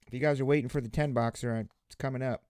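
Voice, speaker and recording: A man's voice: medium pitch, steady tone, rapid-fire, a little mellow, clear, resonant tone, dry recording. A man hosting a casual live card-break stream, chatting with viewers and calling out player names as they come up. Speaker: card-breaking livestream host.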